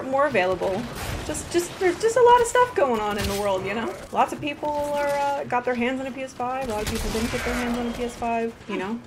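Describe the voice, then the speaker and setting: A young woman hosting a casual gaming live stream, bubbly and giggly, reading chat aloud and reacting with excited exclamations. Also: on the high side, background noise. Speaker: livestream host.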